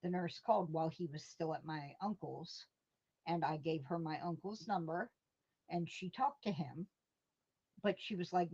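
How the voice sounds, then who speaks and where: A woman hosts a casual live stream from home, rambling through stories and chuckling as she answers her chat. Her voice is on the low side and darkish with a breathy edge, at a moderate pace, and the stream audio sounds dull and lo-fi.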